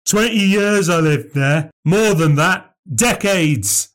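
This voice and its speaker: A man's voice: a little high, animated, extremely slow, voice pushed up, exaggerated voice. A man voicing a dishevelled, drunk old man, bellowing and ranting in a story. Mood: drunken rage. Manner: shouting, ranting, slurred bellowing.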